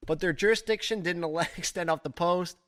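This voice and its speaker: A man's voice: high voice, a little fast, fairly bright tone. A man hosting a comedy podcast, reading odd news stories in a crude, rambling, offhand way. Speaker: podcast host.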